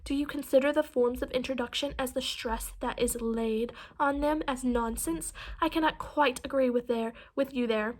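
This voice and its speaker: A woman reading the part of a dry, teasing older gentleman who gently mocks his family. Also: sits high, fairly even intonation, normal speed, hardly any pauses. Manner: wry, mildly mocking.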